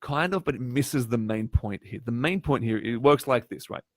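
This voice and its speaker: A man tutoring on a live stream, voice in the middle range for a man. He talks in an animated way, slips into quoted voices and restarts his sentences often. The sound is close and dry, with no room echo. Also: medium pitch, moderate pace. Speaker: test prep tutor.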